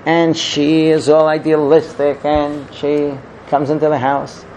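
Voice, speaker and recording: A man giving a sermon, telling a parable in an animated storytelling manner. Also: a little high, measured pace, a little hiss or hum, poor audio. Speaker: religious teacher.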